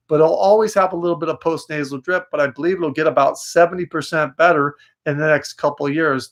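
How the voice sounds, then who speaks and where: A man hosting a live psychic call-in show, gently reassuring and a little nasal today. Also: fairly high pitch. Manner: gentle, reassuring, calls people dear. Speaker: psychic host.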